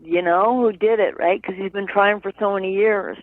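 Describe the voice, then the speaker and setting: A woman's voice: lowish voice, flat delivery, no echo. Woman talking over a tinny phone line. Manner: earnest, halting with many fillers, tag questions. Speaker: guest, sister of a late musician. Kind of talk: candid interview over the phone.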